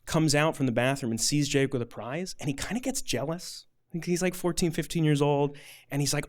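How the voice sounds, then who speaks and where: A man's voice: on the high side, a little fast. A man telling a personal story on stage in a casual, chatty way, full of "like" fillers.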